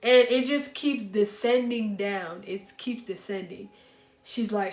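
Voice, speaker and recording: A woman chatting casually about books she recommends, animated and talking straight to her viewers. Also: mid-range voice, slow pace. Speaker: book reviewer. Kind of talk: casual book recommendation chat. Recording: echoey room with faint music.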